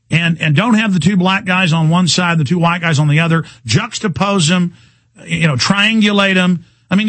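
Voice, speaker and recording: A man hosting a talk radio show, ranting in an agitated way and tripping over repeated words. His voice is husky and sits fairly high for a man. The sound is close and dry. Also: a bit bright, dry recording. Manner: ranting, agitated, stumbling repetitions.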